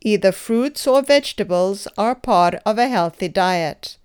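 A woman reads out grammar drills at an unhurried, measured pace, leaving room for repetition. Her voice is smooth and crisp, and every word is carefully enunciated. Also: mid-range voice, animated. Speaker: English teacher. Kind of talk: slow scripted grammar drill.

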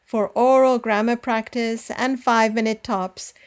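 A woman teacher hosting a pronunciation podcast, reading out words slowly and carefully for listeners to repeat. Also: a little high, steady tone, clean tone. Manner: slow, carefully enunciated drilling. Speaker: language teacher.

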